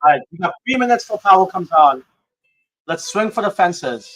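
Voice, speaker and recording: A man hosting a casual livestream, excitable and prone to swearing, swinging between hyped outbursts and low mumbling. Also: normal speed. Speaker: livestream host.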